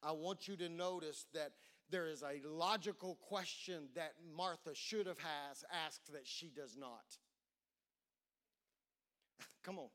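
A man preaching with a high, bright voice. He delivers a sermon dramatically, stretching out key phrases and stumbling through repeated words as he presses his points home. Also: slow pace, long pauses. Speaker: pastor.

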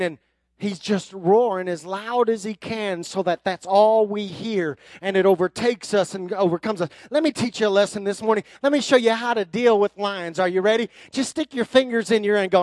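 A man preaching a sermon from the pulpit, emphatic and building into forceful runs. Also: high voice, fairly even intonation, moderate pace, no room sound. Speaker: pastor.

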